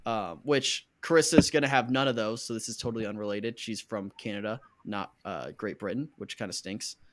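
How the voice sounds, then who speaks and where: A man's voice: lowish voice, fairly quick, very noisy. A man hosting a podcast in casual chat, joking and rambling with fillers. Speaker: podcast host.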